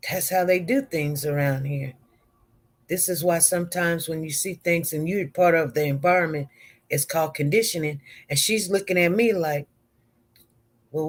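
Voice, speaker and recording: In a low voice, a woman who works as a nurse recounts a work story on a relaxed live stream. She addresses viewers directly, rambling and repeating herself.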